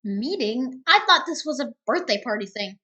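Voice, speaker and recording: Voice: mid-range voice, lively intonation, moderate pace, pushed and bright, dull audio. A young actor playing a sarcastic, resentful son who answers with snarky disbelief, in a school play over a video call. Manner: snarky, incredulous.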